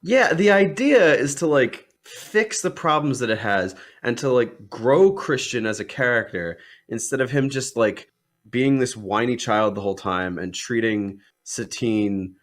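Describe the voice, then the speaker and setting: This young podcast co-host speaks a little slowly in a medium-pitched voice with lively intonation. Casually discussing a movie, he retells its plot in a rambling way full of likes and ums.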